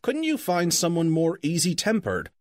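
A man's voice: a little high, wildly swooping pitch, normal speed, no room sound, clean studio sound, voice pushed up. A man reading the part of a group of male dwarves who complain and plead. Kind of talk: audiobook character reading.

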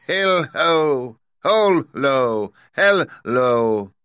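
A man voicing a fierce, commanding wicked old witch who chants spells in a shrill voice in a storybook reading. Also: animated, unhurried, pushed and bright, dry recording, full character voice. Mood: chanting.

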